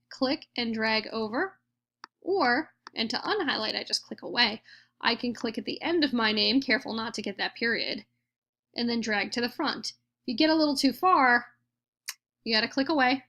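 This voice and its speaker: A woman teacher talks through a computer tutorial in a fairly high voice. She explains each click patiently, one step at a time. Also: a bit bright. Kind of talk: screen-recorded tutorial.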